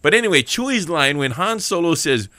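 Man, Hawaiian accent, casual joking sermon, playful, chatty, crisp bright tone. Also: on the high side, very animated, a little fast, no echo. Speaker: church devotional host.

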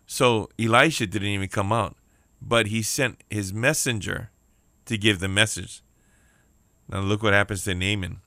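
A man's voice: lowish voice, steady tone, unhurried, sharp tone, no echo, clean studio sound. A man preaching a sermon on the radio, emphatic, repeating key lines and calling out for amens. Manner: emphatic preaching with repeated phrases and call-outs for amen.

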